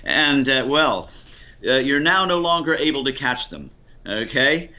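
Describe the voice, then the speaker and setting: A man with an American Ohio accent running a quiz, dry, deliberate and teasing. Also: medium pitch, lively intonation, sharp tone, lo-fi sound. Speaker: quizmaster.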